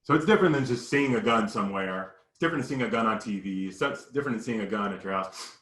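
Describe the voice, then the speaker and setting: A man recounting a personal story in an emotional, halting way, often repeating words. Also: fairly low pitch, fairly bright tone, roomy sound.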